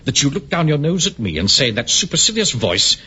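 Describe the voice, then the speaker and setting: A pompous middle-aged bank manager and captain who blusters and swings his voice up and down for effect. The old broadcast sounds muffled under a steady hiss. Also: on the high side, a little fast. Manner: pompous, self-important and blustering. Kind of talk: 1970s radio sitcom acting. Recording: hissy, dull old radio recording.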